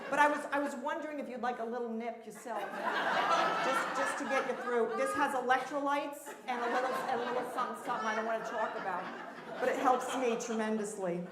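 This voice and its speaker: A woman's voice: a little high, steady tone, fast talker, a loud crowd. A woman doing live character comedy as a therapist, flustered and effusive, rambling with many restarts, on a handheld mic in a temple event hall. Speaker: comic performer playing a therapist at a live event. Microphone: handheld mic on stage. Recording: roomy hall, audience noise and laughter.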